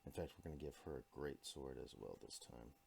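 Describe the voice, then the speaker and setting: A man's voice: rumbling low, fairly quick, vocal fry, a little mellow, a little hiss or hum. A man talking through his drawing process in real time, thinking aloud and making self-critical asides as he sketches. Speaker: artist drawing a live tutorial. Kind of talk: unscripted drawing commentary.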